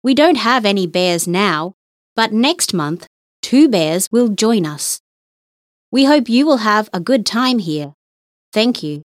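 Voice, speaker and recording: Slow, careful woman exam reader. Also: medium pitch, lively intonation, dry recording, clean studio sound. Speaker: English listening-test reader. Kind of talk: scripted exam reading.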